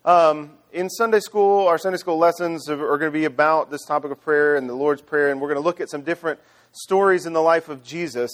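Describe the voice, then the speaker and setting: A male pastor preaching in a loose, conversational way, drifting from personal story into sermon. His voice sits a little higher than most men's, and he talks like he's chatting with the room, with easy fillers and restarts. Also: steady tone, fairly quick. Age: adult father.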